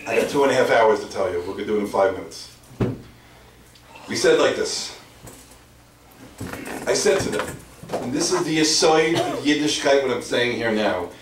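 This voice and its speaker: A man, a rabbi, giving an animated storytelling lecture, mixing in Hebrew and Yiddish terms and hammering his points home by repeating them. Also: medium pitch, normal speed, pauses often. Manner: emphatic, repeats key phrases. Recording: echoey hall from far off, faint noise.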